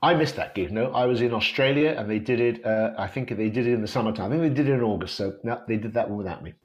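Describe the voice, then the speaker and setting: A man's voice: fairly low pitch, fast, highs cut off. A Welsh man, a guitarist, chatting casually in an interview, rambling with many restarts and fillers. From Wales. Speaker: guitarist in a band, guest.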